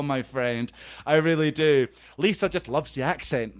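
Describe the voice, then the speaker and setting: Man, Scottish accent, middle-aged, slightly high voice, casual live-stream host, swears freely, video call. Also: measured pace, clean tone. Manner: warm banter, reads out viewer comments, swears freely.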